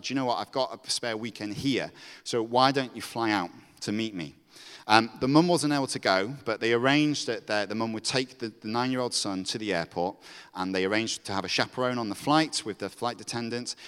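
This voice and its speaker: A man's voice: mid-range voice, fairly bright tone, smooth. A man preaching a storytelling sermon, acting out the characters' voices as he goes. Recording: reverberant hall.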